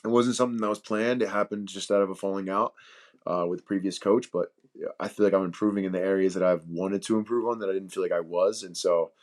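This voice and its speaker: A young adult man, a fighter, talking casually in an interview over a video call, relaxed and slangy, laughing often. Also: low voice, fast talker. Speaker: UFC welterweight fighter.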